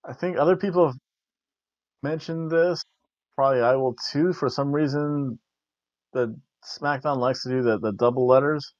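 A man chatting loosely as a show host, jokey and rambling, stumbling over his words and restarting often. His voice sits at a mid pitch. The sound is dull and lo-fi, with a dry, close feel. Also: normal speed, darkish tone, no room sound. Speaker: wrestling review podcast host. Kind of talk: casual review chat.

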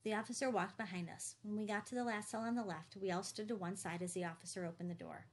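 A woman reading a novel aloud in steady first-person narration. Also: mid-range voice, fast. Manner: steady storytelling delivery. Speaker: audiobook narrator.

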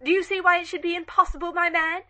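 A woman playing an imperious, sharp-tongued elderly aristocratic lady in an audio drama reading. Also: sits high, expressive, normal speed. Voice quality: commanding, cross-examining.

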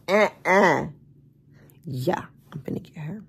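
This vlogger, a thirty-year-old woman, has just woken and sounds tired and groggy as she lies in bed chatting expressively to viewers she calls y'all and baby. She speaks slowly in a lowish voice with vocal fry and a breathy edge, keeping the morning talk casual.

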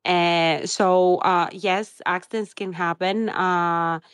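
A middle-aged woman from Greece calls in, speaking English. She talks very slowly, stopping often to search for words. Her voice sits a little low and the sound is dry and close. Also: steady tone, fairly bright tone, clean tone, dry recording. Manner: hesitant, many ums and uhs. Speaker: caller. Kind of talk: live audio chat question.

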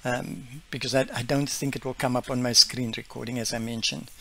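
A man casually walking viewers through a software demo, enthusiastic and chatty, with plenty of fillers. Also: medium pitch, level tone, brisk. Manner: enthusiastic, explains step by step with many fillers. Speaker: tech vlogger.

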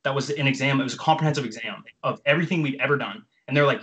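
Fast-talking bright-voiced young man. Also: medium pitch, low-quality recording. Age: 20s. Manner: animated, profane, filler-heavy. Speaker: jump training coach. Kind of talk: casual storytelling.

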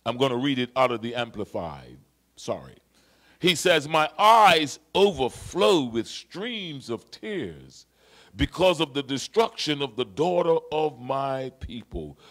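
A male pastor preaching a sermon in a church, swinging between shouted declarations and low, quiet lines, and repeating key phrases for emphasis. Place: church sanctuary.

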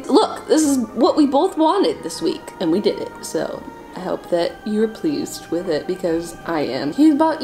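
A woman's voice: medium pitch, mellow. A woman casually chatting on camera, gushing in baby talk to a pet and laughing often. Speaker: video creator. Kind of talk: casual chat.

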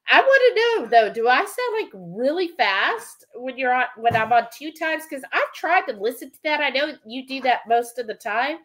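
A woman's voice: high-pitched, animated, normal speed, hardly any pauses, fairly bright tone. A woman hosting a cooking livestream, chatting casually and reading viewer comments aloud.

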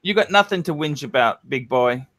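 A man's voice: mid-range voice, animated, normal speed, fairly bright tone. A man hosting a live stream, ranting and swearing angrily. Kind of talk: casual live-stream chat.

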